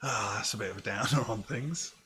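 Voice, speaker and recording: A man casually commentating a game he plays, wry and quick to swear, over game music. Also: on the low side, pushed and bright, a little hiss or hum. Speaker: gaming channel host. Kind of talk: let's play commentary. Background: video game music.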